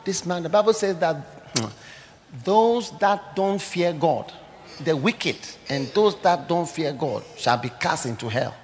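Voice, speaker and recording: Emphatic high-voiced pastor. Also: male voice, lively intonation, measured pace. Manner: emphatic, storytelling, swings between loud declarations and hushed asides. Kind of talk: sermon.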